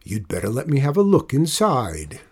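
A man reading a storybook aloud and voicing a stern, gray-bearded ship captain who talks in a gruff, commanding way. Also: medium pitch, wildly swooping pitch, normal speed, darkish tone, exaggerated voice.

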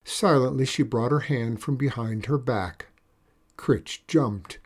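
This is a husky-voiced man of mid-range pitch, reading slowly and expressively as he tells a children's story aloud.

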